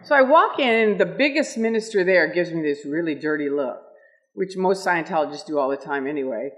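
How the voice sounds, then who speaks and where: Woman in her 60s, speaker at a meetup, animated storyteller who laughs often. Pitch swoops widely. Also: fairly quick. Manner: lively, laughing, acts out quotes.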